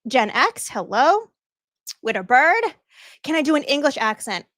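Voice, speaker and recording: A woman's voice: sits high, very animated, a little slow, fairly bright tone, no echo, studio quality. A woman with a Boston accent hosting a casual livestream, bubbly and effusive as she thanks viewers and laughs often. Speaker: livestream host. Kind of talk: casual live-stream chat thanking viewers.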